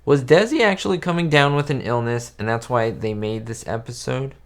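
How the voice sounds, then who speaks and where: A man's voice: medium pitch, a little fast. A man hosting a casual live stream, chatting with viewers and answering their questions in a rambling way, with lots of fillers and restarts. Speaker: YouTube host answering live chat. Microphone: webcam setup at home.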